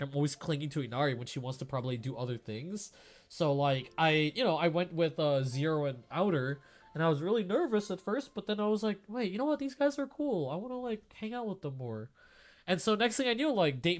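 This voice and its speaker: A young man streamer in a tearful, rambling casual chat, full of fillers and emotion. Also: fairly high pitch.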